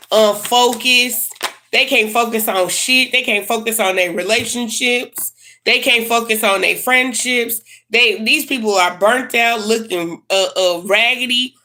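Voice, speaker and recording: A woman with a fairly high voice gives a casual tarot reading straight to camera. She is blunt and slangy, swears freely, and hammers her points home by repeating them. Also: pushed and bright. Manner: emphatic and repetitive. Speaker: tarot reader.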